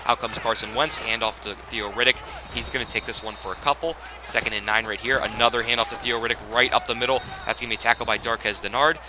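A man's voice: mid-range voice, fast talker, hardly any pauses, background noise. Young man doing casual play-by-play commentary. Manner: casual, excitable on big plays. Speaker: gaming channel host. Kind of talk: play-by-play commentary over a football video game.

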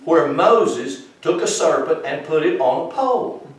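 A man's voice: on the high side, lively intonation, measured pace. A man preaching a Bible-teaching sermon, emphatic and questioning his congregation directly. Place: congregation room. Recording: very echoey room from far off.

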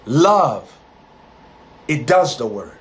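A man preaching a live sermon, emphatic and rising to loud, high peaks on key words as he repeats and builds phrases into lists. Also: big pitch swings, very slow.

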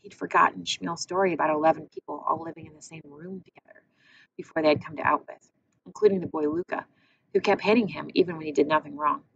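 A woman narrating an audiobook in a measured, expressive reading. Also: sits low, creaky. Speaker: audiobook reader. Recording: muffled with faint hiss.

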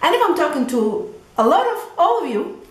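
A woman with a Palestinian Arabic accent teaching an online language lesson, stretching out example phrases slowly and adding playful asides. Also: sits high, echoey room. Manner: lively, drawn-out demonstration phrases with playful asides.

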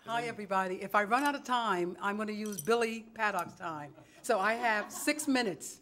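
A woman's voice: medium pitch, normal speed, fairly bright tone, slight background noise. A woman from New York giving a chatty, dramatic public comment at a city council meeting, acting out both sides of each conversation. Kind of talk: animated storytelling at a council meeting. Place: council chambers.

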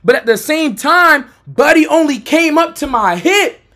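A young American man who streams, telling a personal story in a loose, profane way, going from low mutters to shouts. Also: lively intonation, unhurried. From United States. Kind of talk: storytime chat.

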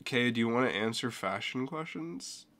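A man's voice: medium pitch, lively intonation, normal speed, fairly bright tone. A man hosting a casual live stream, joking with friends in a voice chat and reading viewer comments aloud. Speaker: streamer host.

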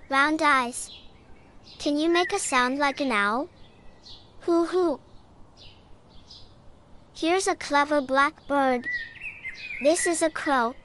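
A woman narrating a scripted children's lesson in a bright, encouraging way, often asking the listener to join in. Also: high-pitched, slight background noise.

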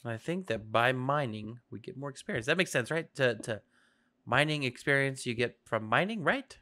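This gaming video host delivers excitable play-by-play commentary in a medium-pitched voice at a moderate pace. He chats to the game's creatures and swings between whispers and shouts.

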